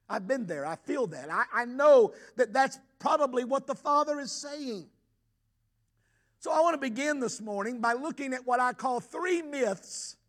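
High bright-voiced pastor preaching. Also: male voice. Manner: impassioned, voicing the father's plea with rising intensity; rhetorical questions to the congregation. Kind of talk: sermon. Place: church sanctuary.

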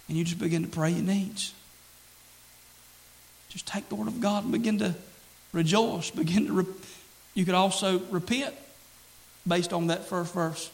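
A man's voice: high voice, moderate pace, creaky, low-quality recording. A man preaching a sermon as pastor, earnest and repetitive, quoting scripture and stressing key phrases.

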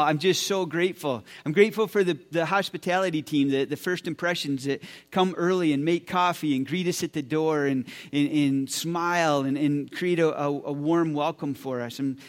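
A man in his forties, a pastor speaking to his church, enthusiastic and often repeating words as he talks. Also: a little high. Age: 40s. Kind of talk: church sermon talk. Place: church sanctuary.

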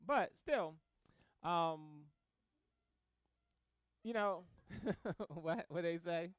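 A man preaching a sermon in a casual, animated way, acting out both sides of conversations and laughing as he tells stories. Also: fairly high pitch, extremely slow, long pauses, smooth, no echo. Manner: casual slang-filled delivery with laughter. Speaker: pastor.

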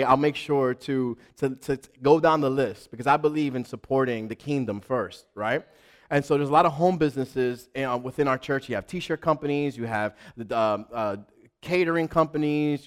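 A pastor preaches a sermon in a medium-pitched voice, animated and full of energy. He acts out little voices in his examples and restarts his sentences frequently.

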